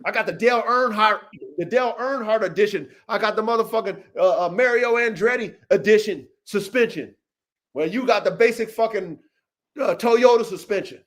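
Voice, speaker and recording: A man with a noticeably high speaking voice holds forth on a livestream podcast. He is brash and profane, boasting about his experience and hammering each point home while calling on listeners by name. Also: normal speed. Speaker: podcast host and dog breeder. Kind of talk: casual livestream podcast rant.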